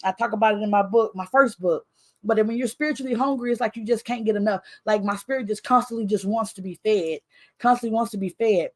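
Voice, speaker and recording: A woman's voice: mid-range voice, fast. A woman author hosting her own book launch in casual, rambling chat that keeps losing its thread. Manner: chatty, rambling, loses her train of thought; expressive, animated with laughter.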